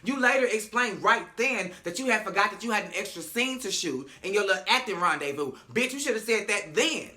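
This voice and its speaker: A man's voice: sits high, animated, brisk, hardly any pauses, bright, forceful tone. A man giving a casual reality-show recap, sassy, emphatic and profane.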